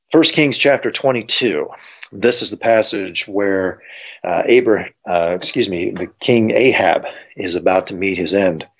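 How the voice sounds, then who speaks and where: A man's voice: lowish voice, breathy edge. A man teaching about the Bible in a conversational way, thinking aloud with fillers, on a dull lo-fi recording. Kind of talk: explanatory Bible teaching talk.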